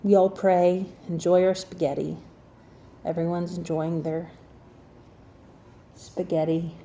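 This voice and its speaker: A woman telling a story casually, acting out other people's lines in an animated and self-mocking way. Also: on the low side, takes it slowly.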